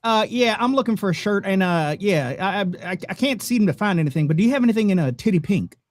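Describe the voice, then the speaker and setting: A man's voice: high-pitched, expressive, fast, dry recording, clean studio sound, pitched above the performer's own voice. A man impersonating an older man who is cheerful and folksy, speaking with a Southern US country twang. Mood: polite. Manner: folksy, polite drawl.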